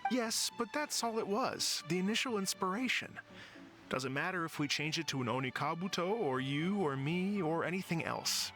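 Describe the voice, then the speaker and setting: Brief: a gentle male rock musician, earnest, slightly high voice, game music under. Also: normal speed. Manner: calm, earnest, announcer-like on stage. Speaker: festival organizer and musician.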